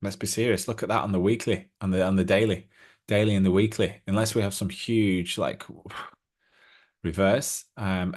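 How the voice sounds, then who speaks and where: A middle-aged man hosting a crypto trading channel, chatting casually through charts with lots of ums and excited asides. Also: low voice.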